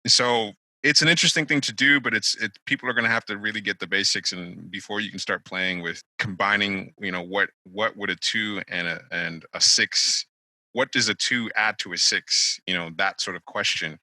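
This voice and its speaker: A man's voice: lowish voice, moderate pace, sharp tone, no echo, poor audio. A man hosting a podcast in casual chat, explaining ideas and steering the talk. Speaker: podcast host.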